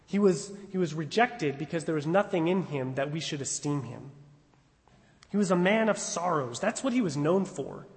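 A man with a high voice preaches an expository sermon in a church sanctuary. He leans into repeated phrases and slows down to drive them home. His voice rings out with a long reverb tail. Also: expressive. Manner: emphatic expository preaching with slow stressed repetitions.

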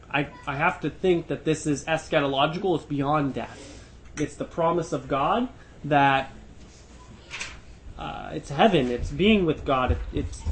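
A man leading a Bible study discussion, thinking aloud with frequent restarts and slow emphasis on key words. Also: fairly high pitch, a little hiss or hum. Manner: thoughtful, restarts often, stresses words slowly. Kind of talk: teaching discussion.

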